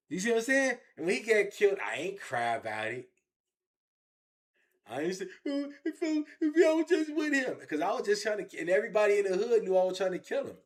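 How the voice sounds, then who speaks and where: A man telling his own story in an interview, animated and repetitive, with heavy street slang. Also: high-pitched. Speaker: interview guest.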